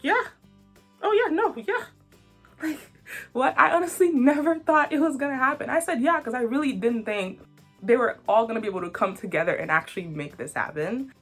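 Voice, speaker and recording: A young woman in her twenties tells a story to camera in an animated, joking way, her pitch leaping around. Her voice has a husky, slightly breathy edge. Soft music plays behind her. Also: fairly quick. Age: 20s. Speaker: vlogger.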